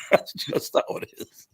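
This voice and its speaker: A man's voice: takes it slowly, no echo, studio quality. An older man hosting a radio talk show, telling wry stories with frequent chuckles. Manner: storytelling, wry, chuckles often. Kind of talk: casual chat.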